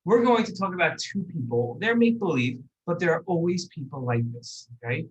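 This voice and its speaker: A man telling a story to children, lively and expressive, speaking directly to his young listeners. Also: on the high side, brisk, highs cut off. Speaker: rabbi storyteller.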